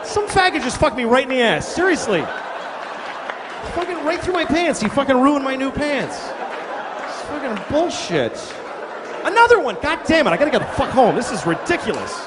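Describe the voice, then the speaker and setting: A man voicing an outraged man assaulted at a cash machine, shouting shrilly and swearing profusely in a stand-up comedy bit. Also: a little high, wildly swooping pitch, fairly quick, hardly any pauses, crowd noise. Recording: echoey live club with audience noise.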